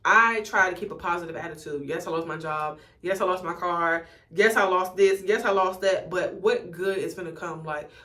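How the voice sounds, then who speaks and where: A woman's voice: on the low side, a bit bright. Chatty woman vlogging candidly. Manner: chatty, candid and profane, talking straight to viewers. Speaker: beauty vlogger. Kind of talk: casual chit-chat while styling a wig. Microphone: phone camera.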